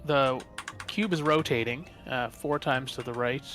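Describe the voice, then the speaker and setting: Male commentator, mid-range voice, relaxed explainer with dry humor, faint music behind. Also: medium pitch, a little slow. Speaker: run commentator. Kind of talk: live commentary on a speedrun.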